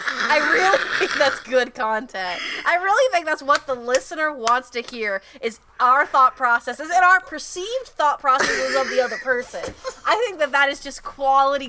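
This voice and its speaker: A woman's voice: high voice, noisy background. A woman co-hosting a podcast in casual chat, joking and laughing often at her own show. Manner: laughing often, jokey and self-mocking. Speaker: podcast co-host.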